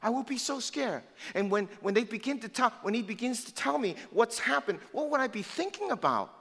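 A man preaching an Easter sermon, retelling the story with swings from loud to hushed. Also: very high-pitched, big pitch swings, brisk, gravelly, husky, long reverb tail. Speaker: pastor.

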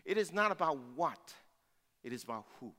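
A man's voice: fairly high pitch, big pitch swings, moderate pace, bright, forceful tone. A male pastor giving a sermon, preaching emphatically and repeating phrases for force. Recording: long hall reverb.

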